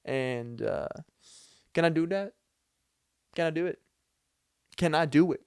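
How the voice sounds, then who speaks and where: A man's voice: medium pitch, steady tone, clear, resonant tone, no echo, close to an everyday voice. A man voicing a friendly, hesitant neighbor who politely keeps asking permission, in a put-on accent. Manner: put-on accent, halting, asks repeatedly.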